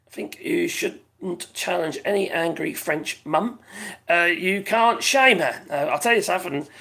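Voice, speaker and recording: A British man hosting a live stream, chatting casually in a rambling way, reading out viewers' comments, his voice going hoarse. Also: high voice, measured pace, pushed and bright. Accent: British English. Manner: rambling, chatty, laughs often, reads out viewers' chat.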